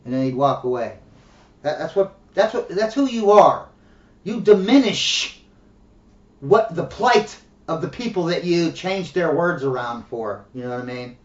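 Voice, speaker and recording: A man's voice: on the high side, expressive, unhurried. Angry ranting man, distant echoey recording. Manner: angry, profane and sarcastic, with repeated stammering restarts. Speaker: video blogger. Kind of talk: ranting monologue to camera. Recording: roomy, distant, dull lo-fi audio.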